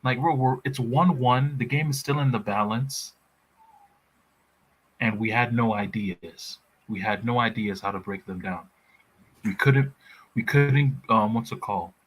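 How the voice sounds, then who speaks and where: A man's voice: mid-range voice, measured pace, fairly bright tone, husky, low-quality recording. A man in a casual football chat, blunt and heated, swearing freely. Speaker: football pundit.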